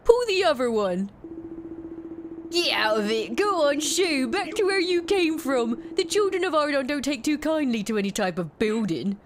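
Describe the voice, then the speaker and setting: A brash young miner voiced by a woman waves strangers off. The voice sits high and swings widely in pitch. The slangy, mocking dialogue is read straight out of a video game. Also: expressive, normal speed, slight background noise. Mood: dismissive. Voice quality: slangy, mocking, shooing people off. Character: brash cocky young male miner, dismissive. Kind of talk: reading game dialogue aloud.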